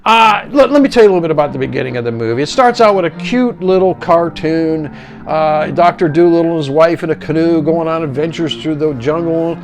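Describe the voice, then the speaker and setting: A man's voice: on the high side, fairly quick, faint music behind. A man giving a casual movie review in a blunt, rambling way, with lots of fillers and restarts.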